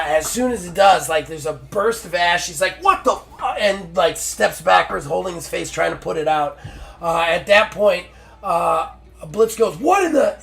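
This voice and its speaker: Gravelly man narrating a wrestling game. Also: sits high. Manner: excited play-by-play with many fillers. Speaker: game master and streamer.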